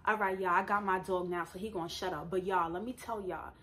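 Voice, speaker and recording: A young woman vlogger at home, telling a personal story to camera in an emphatic, animated way and often addressing her viewers directly. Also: fairly low pitch, fairly quick, a little hiss or hum. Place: at home with a dog nearby.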